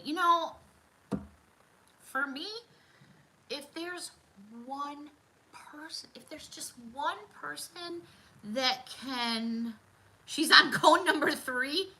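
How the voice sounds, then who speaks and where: A middle-aged woman with a very bright, ringing voice chats casually on a livestream, pitched a little high. She greets viewers by name, laughs easily and talks in a friendly, rambling way. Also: sing-song, unhurried, poor audio. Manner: chatty, warm-hearted, laughs often, talks to viewers by name. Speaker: livestream host. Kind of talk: casual chat reading viewer comments.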